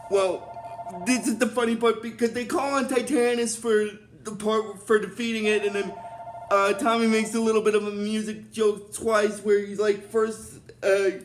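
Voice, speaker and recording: High-pitched guy casually recapping an episode, lots of "um" and "and then". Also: a little hiss or hum. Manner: rambling, with many fillers. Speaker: show recap host.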